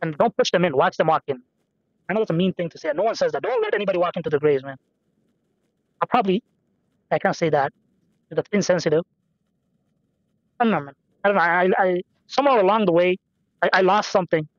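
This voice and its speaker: A man's voice: high voice, animated, quick pace, long pauses, dry recording, muffled recording. A young man giving rambling, self-deprecating commentary over a game, swearing casually and musing aloud. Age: young adult. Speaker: gameplay commentator. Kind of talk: rambling let's-play commentary.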